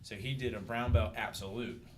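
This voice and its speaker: A man on a podcast, casually telling animated stories about his jiu-jitsu matches. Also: fairly low pitch, moderate pace, background noise. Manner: animated storyteller, shouts out quoted coaches. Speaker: podcast guest, jiu-jitsu brown belt.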